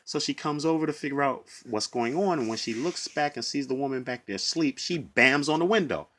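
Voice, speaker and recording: A man's voice: medium pitch, lively intonation, brisk, a bit bright. A man who works as a bus driver tells his own story of trouble at work, emotional and acting out what others said. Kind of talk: personal testimony to camera.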